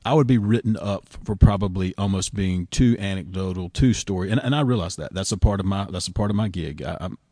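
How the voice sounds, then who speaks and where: A pastor with a drawl speaks in a fairly low voice. His delivery is folksy and anecdotal, with stop-start repeats. The sound is close and dry, with no room echo. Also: brisk, hardly any pauses, warm tone. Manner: folksy storytelling, repeats words when starting. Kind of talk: casual podcast discussion.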